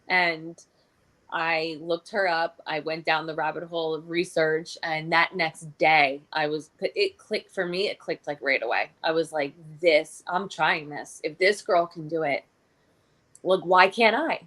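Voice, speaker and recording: A young adult woman telling her personal story as an interview guest, candid and halting, with many restarts and fillers. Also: on the low side, fairly bright tone.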